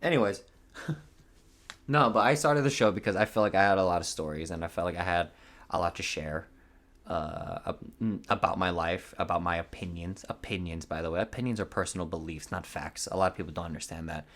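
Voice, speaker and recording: A man's voice: deep voice, a little fast, fairly bright tone. A young man hosting a casual solo podcast, rambling through a story, swearing freely and laughing at himself. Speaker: podcast host. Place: home room by a window.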